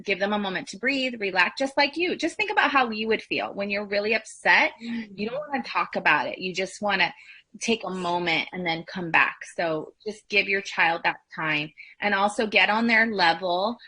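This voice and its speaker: A woman's voice: fairly low pitch, pushed and bright, breathy edge. A woman, a former first grade teacher, giving earnest, practical advice to parents as an interview guest. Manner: earnest, practical, acts out dialogue.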